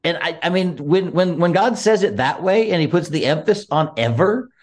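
A man's voice: a little high, animated, normal speed. A man talking earnestly about faith and forgiveness, laughing often and restarting his sentences. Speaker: guest. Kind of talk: casual faith talk.

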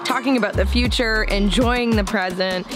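A woman's voice: mid-range voice, moderate pace. Chill young woman vlogging, kinda blunt, music playing behind. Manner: candid, laid-back, swears casually. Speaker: vlogger, pregnant traveler. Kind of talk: casual vlog narration.

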